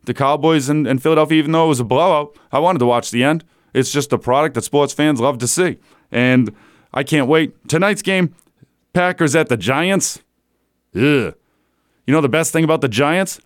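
A man hosting a solo sports talk show from a studio, chatting in a casual, animated way and chuckling as he goes. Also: fairly high pitch, normal speed, no echo. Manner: animated, chatty, laughs between lines.

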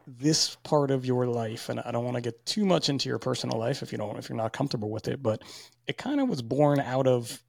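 Man, 40s, podcast host; gravelly, husky, dry, casual and candid. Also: mid-range voice, brisk, darkish tone, dry recording. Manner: chatty, candid, repeats words. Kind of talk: casual interview chat.

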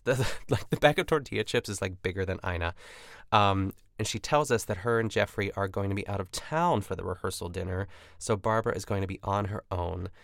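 Recorded cleanly in a studio with no echo, a podcast host with a fairly low, fry-tinged voice runs through a recap of a cooking show. He rambles chattily, leans heavily on "like," and chuckles at his own jokes.

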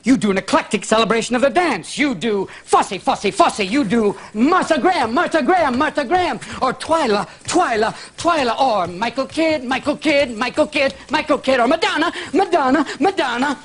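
A man's voice: very high voice, lively intonation, moderate pace, hardly any pauses, fairly bright tone, voice pushed up, full character voice. A man putting on the voice of a flamboyant male dance instructor, repeating names in a sing-song way.

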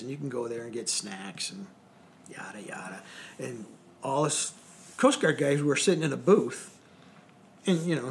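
A man with a gravelly, fry-edged voice talks through an old training story in a loose, conversational way. His delivery is wry and meandering, and his phrases often fade into a murmur. His pitch sits at an ordinary middle level. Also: slight background noise. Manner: rambling, wry, trails off quietly at phrase ends. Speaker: Coast Guard veteran telling his story. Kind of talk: casual anecdotal storytelling.

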